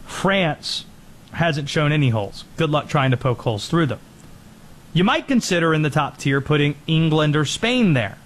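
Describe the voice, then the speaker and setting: High-voiced animated sports show man. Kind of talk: sports commentary.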